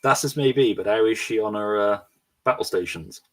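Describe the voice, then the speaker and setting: A man's voice: on the low side, moderate pace. A man co-hosting a podcast, chatting casually with wry, dry humor. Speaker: podcast co-host. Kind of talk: casual chat.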